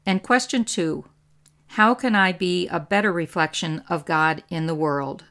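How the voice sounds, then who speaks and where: A woman hosting a faith podcast, talking in an earnest, gently instructive way, recorded on a podcast mic. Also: on the low side, measured pace. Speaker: podcast host and author.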